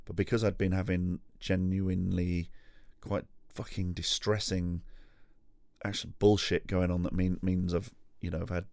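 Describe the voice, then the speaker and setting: A man talking alone at home for his podcast, in a fairly low voice. He is candid and rambling and swears often. The sound is dry and close, with no room around it. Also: level tone, normal speed, gravelly, darkish tone, dry recording. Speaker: podcast host. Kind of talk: solo podcast monologue.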